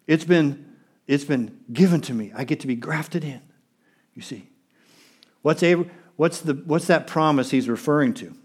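A man's voice: fairly high pitch, moderate pace, long pauses, breathy edge. Man preaching an emphatic sermon. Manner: emphatic, repeats phrases for stress, addresses the congregation directly. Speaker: pastor.

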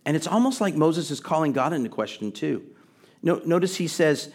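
Conversational male preacher, slightly high voice. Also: animated, fairly quick. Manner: conversational preaching, acts out quoted voices, rising emphasis. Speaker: pastor. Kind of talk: sermon.

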